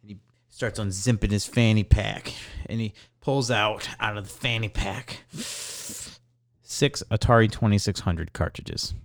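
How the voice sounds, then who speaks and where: A man's voice: fairly low pitch, a little slow. A young adult man co-hosting a podcast, telling a store story in casual chat and mimicking customers with a raised voice. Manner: animated, mimics customers in raised voice, swears freely. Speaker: podcast co-host.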